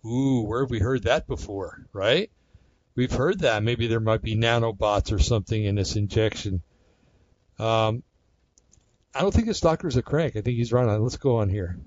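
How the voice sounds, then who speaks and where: A man's voice: fairly low pitch, normal speed, dry recording, lo-fi sound. A man hosting a casual solo talk show, rambling conversationally with many fillers and restarts. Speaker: podcast host.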